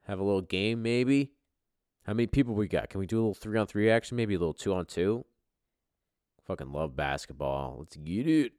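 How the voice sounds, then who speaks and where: A man with a very low voice hosting a podcast, bantering in a loose, profane way. His pitch swings widely as he gets excited and shouts. The sound is dry and close, with no room around it. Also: moderate pace, clear, resonant tone, dry recording. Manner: excitable, swearing, jumps in volume. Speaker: podcast host.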